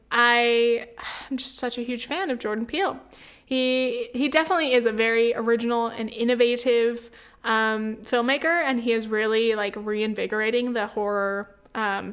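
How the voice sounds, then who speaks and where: Chatty young woman, smooth voice. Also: a little high, fairly bright tone. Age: 20s. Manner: chatty, swears freely, full of "like" and "um". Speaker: podcast host. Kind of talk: casual solo podcast chat.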